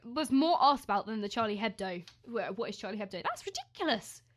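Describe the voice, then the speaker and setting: A young woman co-hosting a casual podcast, reading news items aloud haltingly and laughing between them. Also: medium pitch. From England. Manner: giggly, teasing, reads stories haltingly. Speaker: podcast co-host.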